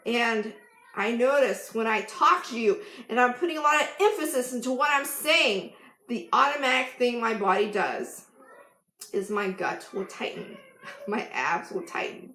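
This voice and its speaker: Speaking at a measured pace in a fairly high voice, a woman life coach delivers a forceful motivational vlog. She laughs a lot and breaks into loud yelled affirmations, and the room echoes.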